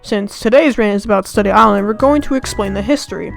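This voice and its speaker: A young American student hosts her own channel, firing off sarcastic, exaggerated complaints in a comedic rant to the camera. Her medium-pitched voice is creaky and quick, with soft music behind it on a low-quality recording.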